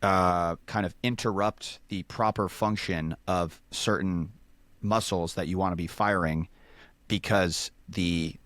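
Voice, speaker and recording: A man's voice: low-pitched, steady tone, a little slow, a bit bright, no room sound. A man casually explaining sports science step by step, with many fillers.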